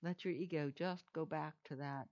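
A woman's voice: low-pitched, steady tone, a little mellow. A woman leading a guided meditation in a soothing, repetitive way. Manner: slow, soothing, repetitive phrasing. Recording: dull lo-fi sound.

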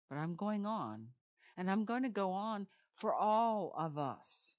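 A woman's voice: mid-range voice, animated, a little mellow. A woman leading a guided meditation in a soothing, repetitive way. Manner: slow, soothing, repetitive phrasing. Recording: dull lo-fi sound.

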